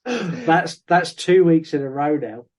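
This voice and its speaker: Man, fairly high voice, rambling podcast host who quotes film lines. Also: slow, darkish tone. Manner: chatty, with many ums and quoted lines. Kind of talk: casual film review chat.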